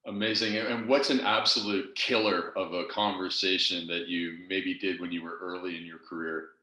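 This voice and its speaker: Podcast host guy asking questions, low and bright voice, echoey room. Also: steady tone, normal speed. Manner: conversational, curious questioning. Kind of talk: interview questions.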